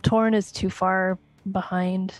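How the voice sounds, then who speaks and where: A woman playing a tabletop game, relaxed and thinking aloud about her moves. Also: medium pitch, slow, dry recording, soft background music. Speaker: player.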